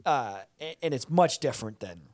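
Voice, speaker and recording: A man hosting a podcast in casual, animated chat, swearing freely. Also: medium pitch, normal speed, no echo. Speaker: podcast host.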